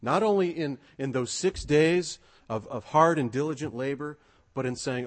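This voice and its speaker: A man's voice: medium pitch, moderate pace. A male pastor preaching a sermon in an earnest, exhorting way, repeating his key phrases for emphasis.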